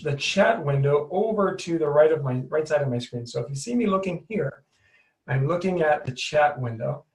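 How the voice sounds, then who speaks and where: A man hosting a live coaching webinar, upbeat and chatty, hyping up his audience. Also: fairly high pitch. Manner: upbeat, hyped, chatty, greets viewers one by one. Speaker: webinar host and trainer. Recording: roomy and distant from the mic.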